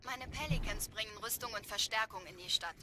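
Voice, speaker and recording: Firm, order-giving female naval captain for a dubbed game cutscene, played by a woman, slightly high, battle din around. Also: quick pace, close to an everyday voice. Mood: commanding. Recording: game audio with battle crowd noise.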